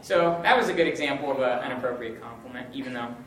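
A young man giving an informal, joking teaching talk to a college group, upbeat and animated. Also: mid-range voice, quick pace, recorded from a distance. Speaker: campus ministry speaker. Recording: roomy, from the mic, faint hum.

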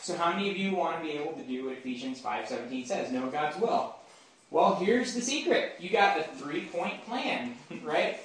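Guy doing a casual bible talk, kinda high voice, far off mic, super echoey room. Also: animated, moderate pace. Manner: informal, keeps checking in with listeners. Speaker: speaker at a campus Bible group. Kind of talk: conversational Bible teaching.

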